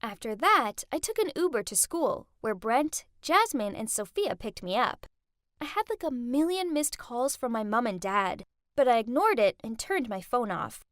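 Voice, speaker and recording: A woman narrating a first-person animated story in an expressive, dramatic teen voice. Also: on the high side, normal speed, no echo, studio quality.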